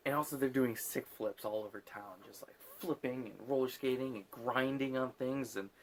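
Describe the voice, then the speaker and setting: A man's voice: mid-range voice, moderate pace. Drunk man rambling through a movie. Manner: rambling, swearing, laughing at his own jokes. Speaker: host recapping a movie. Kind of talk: casual movie recap.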